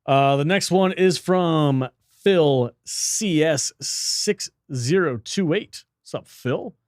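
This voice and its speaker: A man's voice: a little high, slow, no echo, clean studio sound. A man co-hosting a casual gaming podcast, joking loosely and reading out viewer comments. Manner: laid-back, joking, swears freely. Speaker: podcast co-host.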